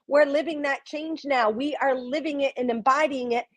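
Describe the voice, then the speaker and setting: Effusive woman channeler, fairly high voice. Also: steady tone, moderate pace. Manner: effusive, often exclaims and laughs; speaks directly to viewers in the comments. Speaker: spiritual reader and channeler. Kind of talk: live-stream spiritual talk.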